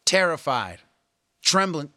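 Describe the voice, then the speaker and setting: A man's voice: a little high, takes it slowly, dry recording, studio quality. Earnest slangy man giving fitness pep talk. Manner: earnest, coaching, slangy, animated when quoting others. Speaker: fitness and health vlogger. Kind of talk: casual motivational talk to camera.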